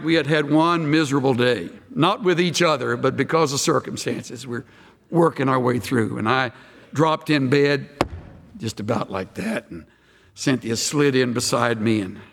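An older man preaching a sermon, telling stories and swinging from loud exclamations to hushed near-whispers, recorded in a large hall. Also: medium pitch, vocal fry, breathy edge. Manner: storytelling, drawn-out words. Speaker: pastor. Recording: long reverb of a large hall.

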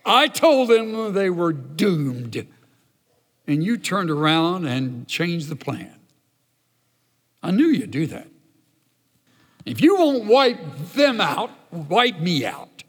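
A man's voice: high voice, very animated, slow, pauses often, breathy edge, full character voice. A man playing a resentful, complaining male prophet in a sermon reading. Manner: whiny, aggrieved. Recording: long hall reverb.

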